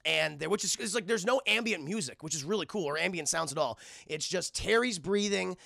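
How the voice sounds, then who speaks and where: A man recapping a cartoon episode to his live chat, excitable and heavily profane. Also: sits high, a little fast, vocal fry, no echo, clean studio sound. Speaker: streamer and cartoon reviewer.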